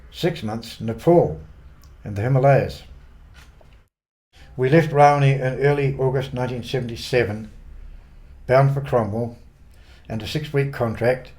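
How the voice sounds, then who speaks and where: An older man with a New Zealand accent narrates his own travel memoir, unhurried and quietly wry. His voice sits at an ordinary middle pitch for a man. It is a read-aloud yarn, paced for the listener. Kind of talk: scripted narration.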